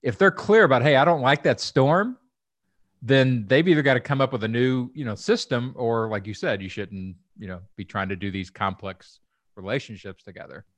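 A man's voice: mid-range voice, fairly quick, dry recording. A man chatting casually with a friend, thoughtful and teasing in turn. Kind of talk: casual chat.

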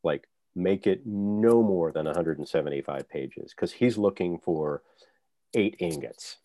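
A man's voice: low-pitched, a little slow, warm tone, no echo. A male author talking as a guest, reflective and explaining his thinking with examples. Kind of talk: conversational interview.

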